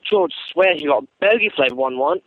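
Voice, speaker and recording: A man from North Carolina voicing an excitable teenage boy wizard who rambles eagerly, sent in as a phone voicemail. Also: a little high, fairly quick, dry recording, phone-quality sound.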